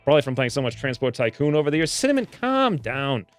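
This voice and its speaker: Lively, animated man narrating gameplay. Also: quick pace, faint music behind. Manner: animated, jokey, puts on squeaky character voices. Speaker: gaming video host. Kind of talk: let's play commentary.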